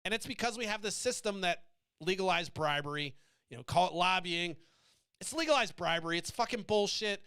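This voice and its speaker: A man's voice: high-pitched, lively intonation, fairly quick, a bit bright, smooth. A man hosting a show, delivering a blunt, profane political rant that wanders off on tangents and sets out to provoke. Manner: blunt, provocative, swearing freely, goes off on tangents. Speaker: podcast host.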